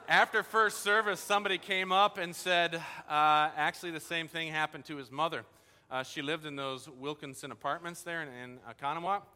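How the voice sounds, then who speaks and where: High bright-voiced pastor in a hall. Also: male voice, fairly quick. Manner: casual and animated, acting out quoted dialogue. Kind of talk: sermon with storytelling. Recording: long hall reverb.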